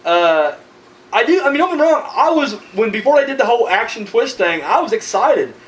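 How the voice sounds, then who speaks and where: A man talks in a casual video rant, swearing freely and rambling from point to point. His voice sits high and swings widely in pitch. He sounds tired and worked up. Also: a little fast, low-quality recording. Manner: profane, rambling, animated ranting. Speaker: horror movie vlogger.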